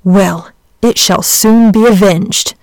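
A kindly, noble knight from a storybook, voiced by a woman reading aloud. He speaks in a grand, courteous way and is a touch higher than her usual voice. The sound is dry and close. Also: slow, a little mellow, no room sound.

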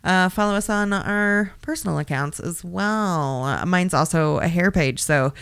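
Podcast co-host, female, casual and brash, swears a lot; smooth tone, slightly low, dry booth sound. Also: a little slow, fairly bright tone, dry recording. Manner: swears freely, storytelling with sassy asides. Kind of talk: casual chat.

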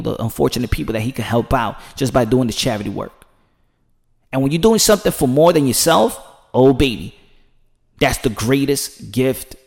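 A man giving passionate, preachy commentary in a vlog, swinging from hushed to loud and emphatic. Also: mid-range voice. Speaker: commentary vlogger.

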